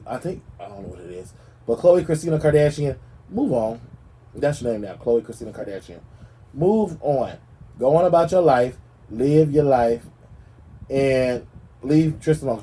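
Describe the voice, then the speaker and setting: A man hosting a gossip show, talking in a sassy, animated way and speaking straight to the celebrities he discusses. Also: mid-range voice, fairly quick, breathy edge, rough recording. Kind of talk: casual celebrity gossip commentary.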